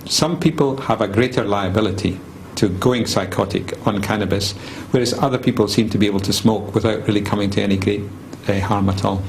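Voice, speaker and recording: Man, professor in an interview, low voice, measured explanations with pauses, faint background noise. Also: steady tone, gravelly, poor audio. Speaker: psychiatry professor. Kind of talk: expert interview.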